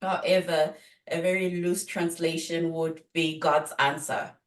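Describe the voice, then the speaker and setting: Woman author, interview guest, unhurried careful speech, distant echoey mic. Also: deep voice, level tone. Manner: slow, careful explaining. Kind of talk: interview answers. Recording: roomy sound, distant from mic.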